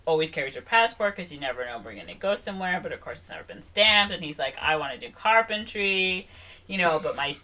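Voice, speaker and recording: A young woman co-hosting a podcast, recapping a film in casual chat and acting out the characters' lines in quick voices. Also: on the low side, expressive, sharp tone. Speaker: podcast co-host.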